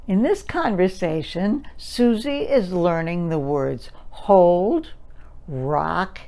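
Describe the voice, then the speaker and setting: A woman giving an instructional talk to parents in a calm, patient explaining manner. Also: fairly low pitch, takes it slowly, gravelly. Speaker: language development educator.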